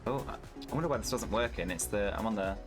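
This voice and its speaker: A British man with a fairly low voice talks fast over background music while streaming a farming game. He chats candidly with his viewers as he plays, swearing freely. It's casual gaming stream talk.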